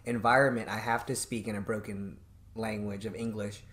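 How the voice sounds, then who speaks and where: A man's voice: on the low side, level tone, normal speed, a bit bright. A young man, a podcast guest, talking candidly in short phrases that often restart. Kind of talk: casual conversation.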